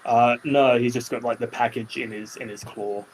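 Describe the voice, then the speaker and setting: A man's voice: medium pitch, fairly even intonation, moderate pace, a little hiss or hum, rough recording. Australian man narrating as game master. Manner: loose and hesitant, many fillers and restarts.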